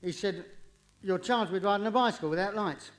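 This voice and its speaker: A man doing live stand-up comedy, cheeky and quick, with jokes that rise into punchlines. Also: sits high. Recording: vinyl live recording, audience laughter, distant.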